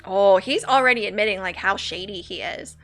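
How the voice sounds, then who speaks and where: A woman's voice: medium pitch, brisk, a bit bright, faint music behind. A woman streamer chatting casually and giggling while reacting to a game. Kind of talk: casual gameplay commentary.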